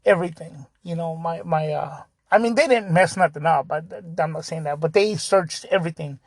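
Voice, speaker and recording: A man with a notably high voice hosts his own podcast and tells a story in a relaxed, chatty way. His speech is loose, full of "dude" and "like", with laughs breaking in often. The sound is dry and close, with no room echo. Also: a little fast, gravelly. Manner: laid-back, peppered with "dude" and "like", laughs often. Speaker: podcast host. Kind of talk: casual storytelling.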